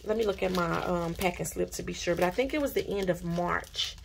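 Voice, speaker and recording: A woman vlogging casually at her desk about budgeting supplies and mail she received, gushing and repeating herself when excited. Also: lowish voice, brisk, creaky, a little hiss or hum. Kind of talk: casual unboxing vlog. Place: home desk.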